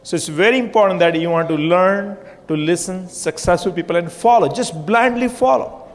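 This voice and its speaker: A man's voice: sits high, moderate pace. A man giving a motivational stage talk, repetitive and punchy, prodding the audience with questions. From India. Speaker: motivational speaker. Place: hotel conference hall. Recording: long hall reverb.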